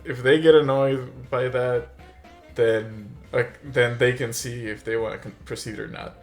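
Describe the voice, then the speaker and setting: A young man in a casual storytime vlog, rambling through his tale with plenty of filler words and the odd chuckle. His voice sits at an ordinary middle pitch, with soft music running faintly underneath. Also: fairly even intonation, measured pace. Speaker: vlogger.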